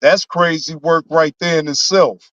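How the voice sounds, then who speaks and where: A man with a high voice hosts a livestream, chatting with his viewers in a loose, rambling and profane way. The audio is dry and dull, with a lo-fi quality. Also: steady tone, measured pace, fairly bright tone, no room sound. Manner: laid-back, profane, rambling. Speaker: livestream host. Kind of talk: casual livestream talk reading chat. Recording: dull lo-fi sound.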